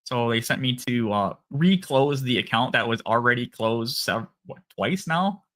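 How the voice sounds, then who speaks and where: Minnesotan man telling a story, bright voice. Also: mid-range voice, measured pace. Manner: acts out phone calls with animated voice jumps. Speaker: live stream host. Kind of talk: casual storytelling.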